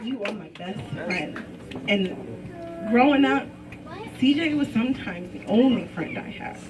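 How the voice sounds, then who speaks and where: A woman's voice: medium pitch, animated, measured pace, background noise. A woman giving a heartfelt toast to her brother, tender and earnest. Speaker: sister giving a farewell toast. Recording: distant mic with party crowd.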